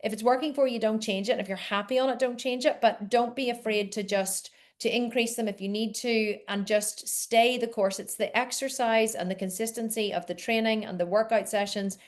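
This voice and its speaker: A woman's voice: fairly high pitch, steady tone, a little fast, few pauses. Chatty woman hosting a live Q&A. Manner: chatty, encouraging, rambling. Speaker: host of a live Q&A call. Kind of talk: casual chat.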